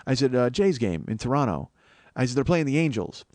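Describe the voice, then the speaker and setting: A man's voice: medium pitch, sing-song, fairly quick, a little mellow, dry recording. A man, telling a rambling, self-mocking comic story as a podcast host. He swears a lot, and his voice climbs when he acts out his panic. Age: 40s. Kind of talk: comedic storytelling monologue.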